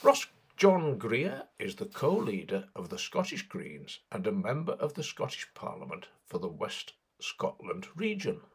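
Gravelly man in sarcastic satirical commentary. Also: fairly low pitch, unhurried, few pauses. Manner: mocking, sarcastic delivery with lively swings.

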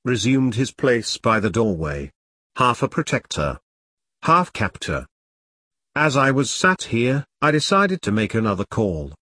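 A man narrating a first-person story as an audiobook reader, telling it in an expressive, storytelling way. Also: medium pitch, unhurried.

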